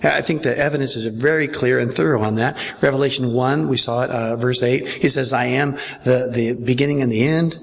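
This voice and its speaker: A man's voice: mid-range voice, steady tone, fairly quick, creaky, hardly any pauses. A man preaching a sermon as pastor, emphatic and repetitive, checking that listeners follow along. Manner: emphatic, repeats phrases, asks listeners if they follow. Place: church.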